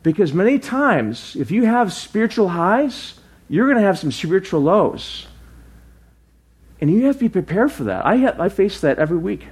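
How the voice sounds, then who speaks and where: A middle-aged male pastor preaching a sermon in a relaxed, conversational way, with asides and restarts. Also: high-pitched, moderate pace, slightly rough.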